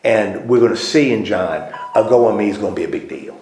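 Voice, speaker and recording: A man's voice: on the low side, fairly quick, a little mellow, slight background noise. A man leading a group Bible study in a church meeting room, putting questions to the group and repeating their answers. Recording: roomy echo.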